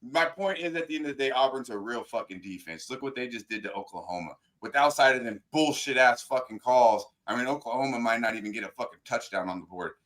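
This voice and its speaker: Loud profane man yelling sports takes. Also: mid-range voice, lively intonation, fast, few pauses. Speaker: co-host. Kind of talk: heated sports debate. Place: radio studio.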